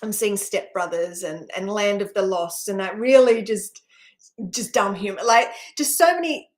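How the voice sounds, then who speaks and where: A woman's voice: mid-range voice, normal speed. A middle-aged woman hosting a spiritual channel, talking casually and rambling, with many fillers and frequent laughs.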